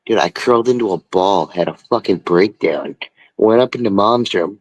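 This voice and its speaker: A man hosting a stream, telling a story in a rambling, profane, animated way. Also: lowish voice, normal speed, dry recording, low-quality recording. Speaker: stream host. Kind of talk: casual storytelling.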